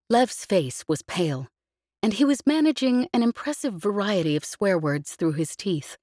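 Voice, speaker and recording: A woman narrating an audiobook with an expressive, vivid storytelling delivery. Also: medium pitch, normal speed, no room sound, clean studio sound.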